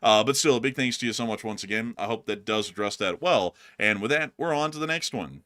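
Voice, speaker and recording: A man's voice: lowish voice, fairly quick, pushed and bright. A man hosting a live news-commentary stream, talking in a rambling way with lots of fillers and repeated words as he thanks viewers. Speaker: host.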